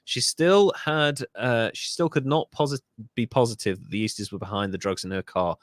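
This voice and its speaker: A Welsh man with a middle-pitched voice tells a story on a podcast, breaking off now and then for asides and quick corrections. The sound is dry and close, with no room behind him. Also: dry recording. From Wales. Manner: reads a story aloud with asides and self-corrections. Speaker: podcast host.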